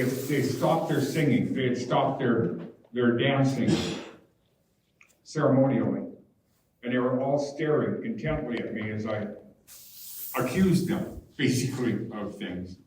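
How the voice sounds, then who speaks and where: A man's voice: medium pitch, a little mellow. A man telling a personal story to a live audience in a meandering, conversational way, often restarting his sentences. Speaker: guest speaker. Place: large barn hall. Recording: very echoey hall, distant mic, faint noise.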